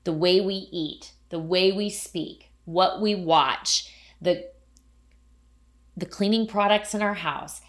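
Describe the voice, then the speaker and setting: A woman's voice: lowish voice, slow pace. A woman co-hosting a podcast, talking reflectively and carefully, sometimes searching for words. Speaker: podcast co-host. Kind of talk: casual podcast conversation.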